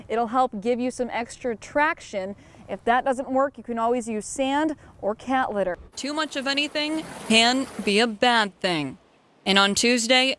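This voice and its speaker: Bright-voiced young woman weather anchor. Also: a little high, a little hiss or hum. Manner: upbeat, explanatory broadcast delivery. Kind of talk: TV weather forecasting and field reporting.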